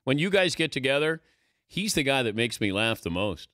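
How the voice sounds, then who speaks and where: A man's voice: medium pitch, very animated, normal speed, bright, forceful tone, no echo. A man in his fifties hosting a radio show, bantering with his guest in a wry, teasing way. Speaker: radio host. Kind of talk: casual radio interview.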